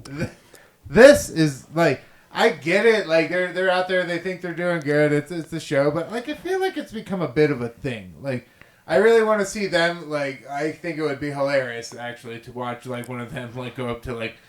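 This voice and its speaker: A young man co-hosting a casual podcast, rambling and ranting, laughing often. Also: fairly high pitch. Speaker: podcast co-host. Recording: roomy echo.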